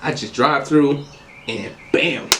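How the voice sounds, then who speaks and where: A man telling stories in casual podcast chat, animated, who keeps saying "listen" to take the floor. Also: medium pitch, slow pace, a little hiss or hum.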